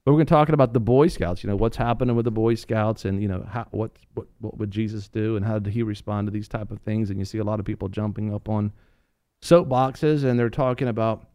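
A man co-hosting a Christian talk show, rambling and joking, with many fillers and restarts and animated storytelling. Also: on the low side, quick pace, clear, resonant tone, dry recording, studio quality. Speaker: co-host.

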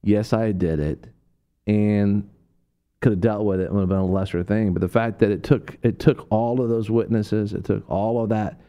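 A man hosting a Christian radio talk, telling stories in a rambling way with many fillers and restarts, and acting out quoted people in a sudden high voice. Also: little pitch movement, moderate pace, clean tone, dull audio. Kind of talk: preaching talk on a radio show.

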